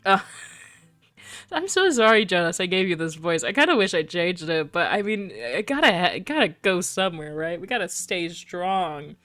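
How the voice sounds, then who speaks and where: Bright-voiced woman streamer reading a game. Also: on the low side, big pitch swings, normal speed, dry recording, faint music behind. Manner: chatty, self-deprecating asides. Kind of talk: playing and reading a story game aloud.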